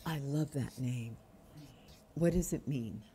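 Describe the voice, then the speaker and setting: Older woman, low calm yoga teacher. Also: takes it slowly, slight background noise. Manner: calm, explanatory, asks the audience questions. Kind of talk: workshop lecture. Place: retreat workshop room.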